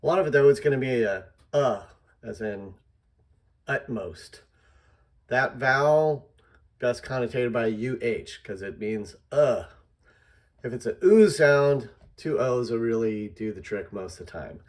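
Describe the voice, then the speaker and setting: Slow-talking man explaining a lesson. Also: mid-range voice. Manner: explanatory, relaxed, with fillers and asides. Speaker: instructor. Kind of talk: casual screen-recorded lesson.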